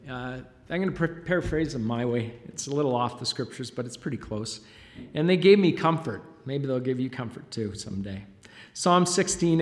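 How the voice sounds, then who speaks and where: A middle-aged father giving an emotional church testimony, halting and choked up, with frequent pauses and fillers. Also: mid-range voice. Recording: long reverb of a large hall.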